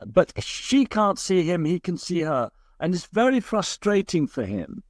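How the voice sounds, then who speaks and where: A man's voice: high-pitched, very animated, unhurried, dry recording, clean studio sound. A man, a guest scientist, explaining ideas in long, reassuring, flowing sentences. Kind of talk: explanatory podcast interview.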